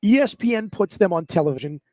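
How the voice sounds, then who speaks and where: A man's voice: high-pitched, expressive, quick pace, warm tone. A man hosting a sports talk radio show, ranting sarcastically about college football.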